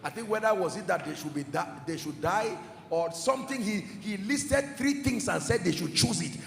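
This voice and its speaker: A man's voice: sits high, animated, normal speed, gravelly, hardly any pauses. Fervent preacher man in an echoey hall. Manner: fervent, emphatic, swings from shouting to hushed. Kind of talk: sermon. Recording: echoey hall with music behind. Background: soft music.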